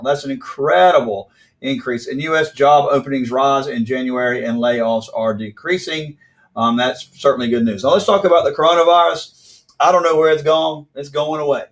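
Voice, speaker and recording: A man hosting a casual news commentary video from South Carolina, talking in a brisk, opinionated, ranting way. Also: on the high side. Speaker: host.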